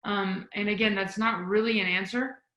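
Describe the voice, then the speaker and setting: A woman speaking as a volleyball coaching guest on a video call, energetic and emphatic, demonstrating as she talks. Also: medium pitch, normal speed, reverberant, dull audio. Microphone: video call mic.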